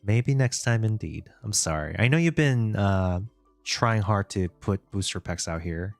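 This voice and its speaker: Man, indie game dev live stream, slow easygoing talk, dry close mic, faint chill music behind. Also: lowish voice, expressive, dry recording. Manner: thinks aloud, chats with viewers, chuckles often. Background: soft background music.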